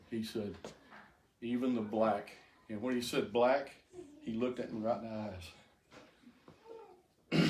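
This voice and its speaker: A man's voice: medium pitch, a little mellow. Older man, emotional testimony, stumbling repeats, echoey room with faint hiss. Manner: halting, repeats words, quotes others. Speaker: speaker giving a testimony. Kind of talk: emotional personal testimony to a group.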